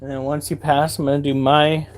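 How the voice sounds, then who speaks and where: Chatty high-voiced man telling stories. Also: flat delivery, brisk, slight background noise. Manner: chatty, swears freely, acts out quotes. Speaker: vlogger. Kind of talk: casual storytelling to viewers. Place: at home.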